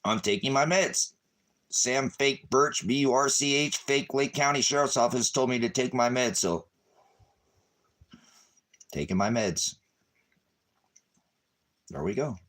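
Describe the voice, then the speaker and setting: A man ranting at his viewers on a livestream, cursing and taunting them, swinging between shouting and low muttering. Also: a little slow, pauses often. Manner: angry, cursing, taunting, repeating insults. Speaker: ministry livestreamer. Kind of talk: profane livestream rant at viewers.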